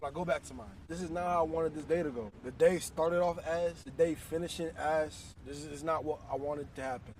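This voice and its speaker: A man's voice: fairly high pitch, steady tone, a little fast, hardly any pauses, a little mellow, recorded from a distance, a little hiss or hum. A man in his twenties telling a story from his own life in a casual, slangy way, swearing freely. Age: 20s.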